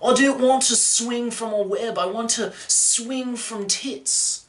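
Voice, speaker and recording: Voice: mid-range voice, takes it slowly, pitched above the performer's own voice, close to an everyday voice. A podcast host voicing a crude, bragging young male Spider-Man with a put-on Australian accent and drawling slang. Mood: lewd. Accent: mock Australian.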